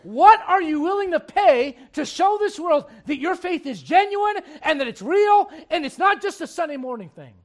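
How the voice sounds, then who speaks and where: High-pitched, animated preacher. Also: male voice, normal speed, hardly any pauses. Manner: animated preaching, mimics congregants, drops low for scripture. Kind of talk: sermon.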